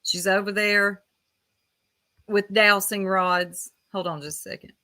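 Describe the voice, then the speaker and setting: A Southern woman runs a relaxed livestream at an unhurried pace. She pokes fun at her subject and greets viewers by name in a chatty, mid-pitched voice. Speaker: livestream host. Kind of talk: casual livestream chat.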